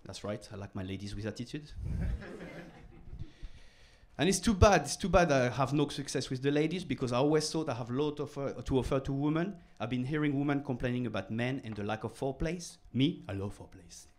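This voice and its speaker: A middle-aged man from France with a French accent, doing a stand-up comedy set in a halting, deadpan way with non-native phrasing. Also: mid-range voice. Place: comedy club stage.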